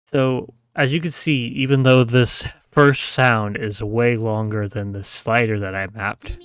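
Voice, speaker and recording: A man's voice: medium pitch, fairly even intonation, a little slow, a bit bright, clean tone, faint music behind. A man giving a casual screen-share tutorial, explaining step by step, often checking with "right?" and humming the sounds he describes. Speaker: mapping tutor.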